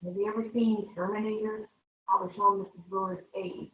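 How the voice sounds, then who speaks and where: A woman's voice: mid-range voice, steady tone, a little fast, slight background noise. A woman teaching a televised math lesson to young students, upbeat and coaxing, constantly checking in with the class. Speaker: third-grade teacher. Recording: echoey room, far-off, thin phone-like sound.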